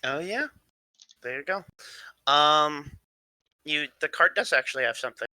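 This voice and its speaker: A young man running a tabletop game with a very bright, forward voice. He talks in a relaxed, self-deprecating way, thinking aloud as he improvises. The recording is dry and close, with no room sound. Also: fairly high pitch, normal speed, no room sound, rough recording. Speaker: game master.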